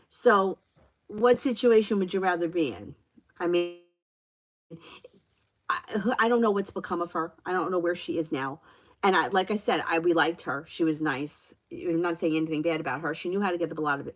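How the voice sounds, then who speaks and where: A woman hosts a casual tarot reading livestream from home, with a small child around. She rambles off on tangents and laughs often. Her voice is fairly low and darkish, and she speaks at normal speed.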